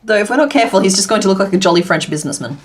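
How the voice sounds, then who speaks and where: A woman's voice: medium pitch, animated, rapid-fire. Chatty woman hosting a crochet stream. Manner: chatty, answers chat and makes puns while working. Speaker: crochet livestream host. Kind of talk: casual livestream chat while crocheting.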